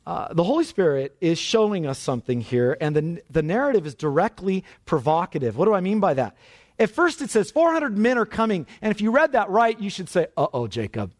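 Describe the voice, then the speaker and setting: Animated preacher with a high, lively voice. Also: male voice. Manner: dramatic swings in pitch and pace for emphasis; asks the audience questions. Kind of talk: expository sermon.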